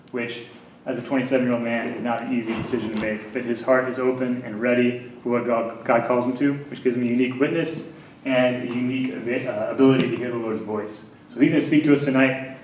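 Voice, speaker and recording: A man casually introducing a speaker to a group, relaxed, full of fillers, and joking. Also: mid-range voice, recorded from a distance, a little hiss or hum. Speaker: community leader introducing the speaker. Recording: echoey room, voice off-mic.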